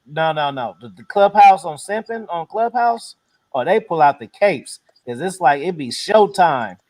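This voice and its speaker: A man with a high voice hosts a loose, profane chat. He talks in an animated way, swearing freely and mocking people with quick impressions. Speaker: host. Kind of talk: casual podcast chat.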